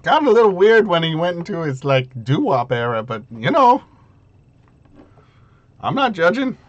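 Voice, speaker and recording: A man's voice: on the high side, very animated, normal speed, muffled recording. A man running a tabletop game, reading out rules and trading playful banter with his players. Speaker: game master.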